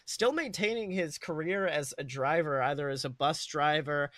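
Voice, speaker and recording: A man's voice: a little high, normal speed, fairly bright tone, no room sound. A young man hosting a podcast, rambling through a comedic fan-fiction retelling with fillers and self-corrections. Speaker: podcast host.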